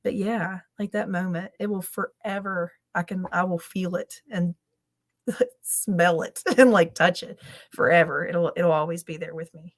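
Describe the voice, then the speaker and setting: A woman's voice: fairly low pitch, steady tone, unhurried. A woman teacher, telling an emotional story on a roundtable video call, laughing often between lines. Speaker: teacher and panel guest. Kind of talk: roundtable discussion.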